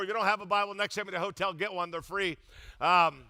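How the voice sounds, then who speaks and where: Bright, animated older male pastor. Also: sits high, fast. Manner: humorous storytelling, animated, loud emphatic bursts. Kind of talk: sermon.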